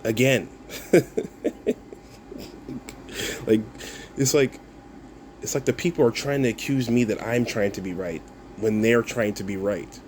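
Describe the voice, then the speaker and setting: Guy ranting back at comments, mid-pitched, scoffing and profane, laughs a lot, faint hum behind. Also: fairly even intonation, measured pace, long pauses, a little mellow. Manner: mocking, laughs often, swears, repeats himself. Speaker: content creator replying to comments. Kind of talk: casual video rant.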